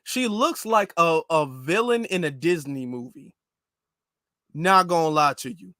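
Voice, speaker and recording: A man with a fairly high voice gives reaction commentary on his channel, pressing each point and repeating it for emphasis. The sound is close and dry, with no room echo. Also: animated, a little slow, bright, forceful tone. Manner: emphatic and repetitive.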